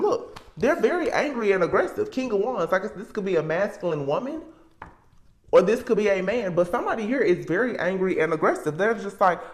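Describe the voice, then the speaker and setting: A woman giving a casual tarot reading, talking emphatically and repeating herself as she thinks aloud. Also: fairly low pitch. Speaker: tarot reader. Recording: roomy echo.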